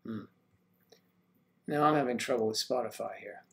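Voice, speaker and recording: A man's voice: medium pitch, normal speed, vocal fry. An older man hosting a casual livestream, greeting viewers by name and rambling while he fumbles with his equipment. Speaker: livestream host.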